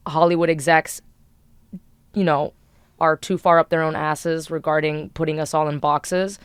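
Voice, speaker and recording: A woman's voice: low-pitched, level tone, normal speed, smooth, no echo. A woman co-hosting a podcast, a voice actor talking candidly and upbeat about her work. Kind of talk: casual podcast chat.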